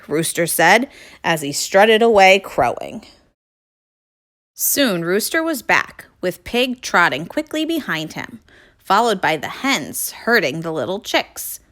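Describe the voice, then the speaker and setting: Expressive woman reading a children's story. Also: lowish voice, slow. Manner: expressive, addresses children directly. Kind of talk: reading a children's picture book aloud.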